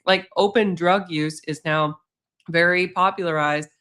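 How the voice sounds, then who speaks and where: Bright-voiced sarcastic podcast host, a man. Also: sits high, steady tone, unhurried, clear, resonant tone. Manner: sarcastic, blunt. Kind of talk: casual podcast chat.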